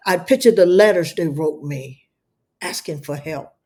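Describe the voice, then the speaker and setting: A woman's voice: sits low, a little slow, warm tone. Fervent woman giving a testimony. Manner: fervent, preacherly, repeats words. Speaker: guest, entrepreneur. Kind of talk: emotional testimony.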